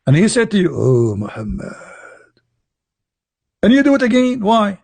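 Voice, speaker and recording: A man's voice: very high-pitched, lively intonation, quick pace, vocal fry, a little mellow, no room sound. A male livestream host talking casually in a mocking, sarcastic and rambling way. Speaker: online debate host.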